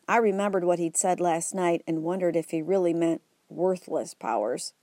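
Low, mellow woman narrating a story. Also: moderate pace, hardly any pauses, dry recording, clean studio sound. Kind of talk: audiobook narration.

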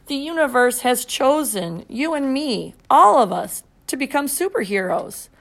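A woman reading an audiobook voices a middle-aged father who talks in booming, commanding speeches. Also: big pitch swings, a little slow, vocal fry, a bit bright, exaggerated voice. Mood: grandiose. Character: boisterous pompous superhero dad, middle-aged man. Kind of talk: audiobook character voice.

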